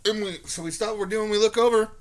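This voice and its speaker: Excitable young man telling a story. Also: sits high, quick pace. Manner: animated, profane storytelling that bursts into shouted impressions. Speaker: podcast co-host. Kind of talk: casual storytelling chat.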